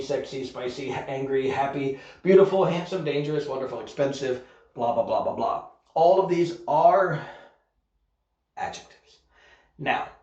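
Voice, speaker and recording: A man's voice: fairly high pitch, a little mellow. Man teaching English in an echoey room. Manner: patient, explains step by step with frequent "okay?". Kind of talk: recorded online lesson. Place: Korea. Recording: echoey room, muffled sound.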